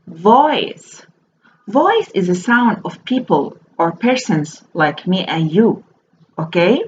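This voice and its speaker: A woman teaching a slow phonics lesson to young children. She spells each word out letter by letter and repeats it. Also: medium pitch, expressive. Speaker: primary school teacher. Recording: dull lo-fi recording with faint noise.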